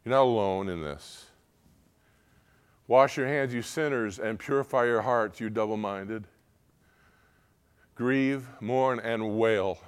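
A man's voice: on the low side, takes it slowly, pauses often, clean tone. Earnest male pastor preaching. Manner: earnest, swings from quiet confiding to loud emotional pleading. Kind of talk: sermon.

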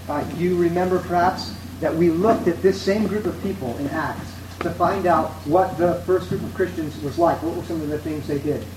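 Measured male preacher in an echoey hall. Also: on the high side, recorded from a distance. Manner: measured, conversational, asks the audience questions. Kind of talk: sermon to a congregation. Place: church hall with seated congregation. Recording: echoey room, faint background noise.

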